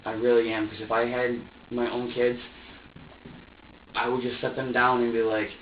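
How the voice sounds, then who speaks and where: With medium pitch, a completely flat delivery, and a moderate pace, a man gives a police interrogation statement, anxiously rambling, repeating himself, and restarting sentences. The interview room's far-off recorder produces roomy, distant, dull lo-fi sound with faint hiss.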